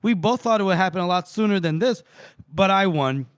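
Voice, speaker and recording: A man's voice: high-pitched, brisk, smooth, no echo, studio quality. A man co-hosting a podcast, casually retelling book scenes with lots of laughter and quoted dialogue. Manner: animated storyteller, quotes characters, laughs often. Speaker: podcast co-host recapping a book.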